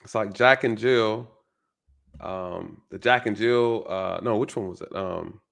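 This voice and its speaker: A man's voice: on the low side, unhurried, vocal fry, fairly bright tone. A male channel host giving a casual, reflective commentary monologue, often repeating his phrases and checking in with "right?".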